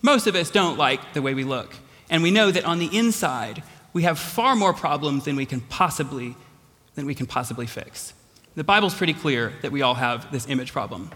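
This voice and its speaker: A man preaching a storytelling sermon in a high, bright voice that swoops up and down. He pokes fun at himself and often laughs through his lines. A long reverb trails after him in the big hall. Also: moderate pace. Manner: animated, self-deprecating, laughs often. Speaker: college president giving a talk.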